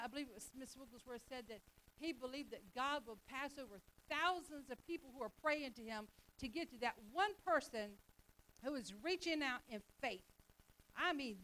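A woman pastor preaching a sermon in a church, building to loud, fervent declarations and stammering into quick repeats. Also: a little high, rough recording.

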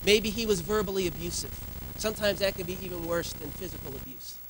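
A man in his thirties preaching a sermon in a church, telling lively stories about his family. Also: high-pitched, quick pace, background noise. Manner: lively storytelling with family anecdotes. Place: church sanctuary.

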